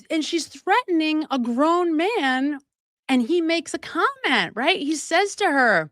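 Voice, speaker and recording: A woman hosting a live true crime stream in a brightish voice, recorded close and dry. She talks straight to her viewers, emphatic and animated, breaking into laughter mid-sentence and throwing in asides. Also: high voice, unhurried, dry recording. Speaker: livestream host.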